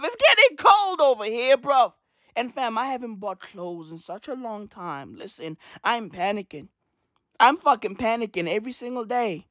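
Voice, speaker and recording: A man rants to camera in a loose, swearing comic monologue, his pitch swooping all over the place. The sound is dry and close, with no room around it. He keeps checking in with the viewer, "right?" after every thought. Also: dry recording. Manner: profane, animated, peppered with "bruv" and "right?". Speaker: vlogger. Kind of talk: casual comedic rant to camera.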